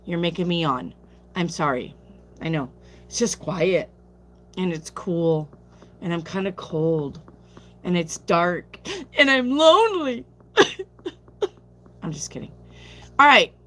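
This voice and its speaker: A woman's voice: lowish voice, a little slow, long pauses, fairly bright tone, a little hiss or hum. A woman reading tarot on a live stream, chatting casually, reading viewer questions aloud and answering them bluntly, sounding sleepy. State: sleepy, yawning.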